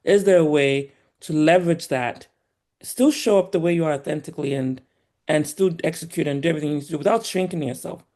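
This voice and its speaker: Nigerian-accented woman guest, animated and emphatic, quick to laugh. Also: deep voice. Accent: Nigerian, polished by years in the US. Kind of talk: casual conversation.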